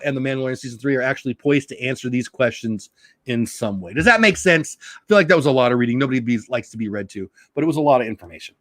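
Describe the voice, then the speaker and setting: A middle-aged man hosting a casual live-stream chat, animated and talkative, with a slight sore throat. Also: medium pitch, dry recording, clean studio sound. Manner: animated, chatty, reads chat aloud. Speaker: live show host.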